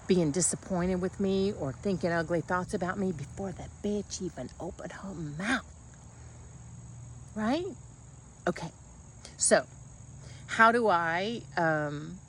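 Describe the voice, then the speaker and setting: A woman's voice: on the low side, slight background noise. A woman coaching in a casual motivational monologue, blunt and folksy, calling the listener honey.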